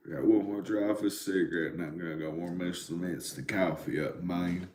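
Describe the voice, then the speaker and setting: Rambling and cursing with his viewers, this Appalachian-accented livestream host in his forties speaks low, steady and brisk, with a darkish tone. The recording has a roomy echo and slight background noise.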